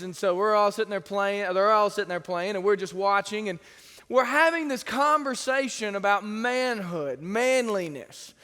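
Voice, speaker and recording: A male pastor with a very high, bright voice delivers a sermon full of stories. He tells them in a lively way and drops into the voices of others. The sound carries a long reverb from the church sanctuary. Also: clear, resonant tone. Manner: lively storytelling, acts out quoted voices. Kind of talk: sermon with anecdotes.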